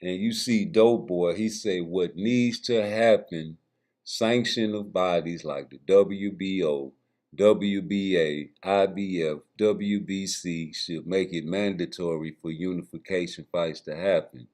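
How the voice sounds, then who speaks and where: Male boxing vlogger, low voice, unhurried, profane and rambling, talks to camera. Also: a little mellow. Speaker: boxing YouTuber. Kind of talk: casual boxing commentary.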